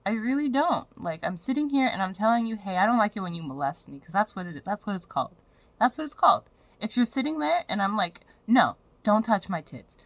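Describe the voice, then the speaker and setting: A woman's voice: mid-range voice, very animated, fairly quick, few pauses, no room sound. A young woman vlogging in a frank, profane, rambling way about her personal life. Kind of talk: candid personal vlog rant.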